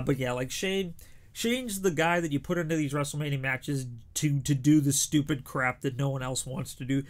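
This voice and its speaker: A man's voice: fairly high pitch, gravelly. A young man giving casual, opinionated predictions as a show host, chatty with frequent restarts.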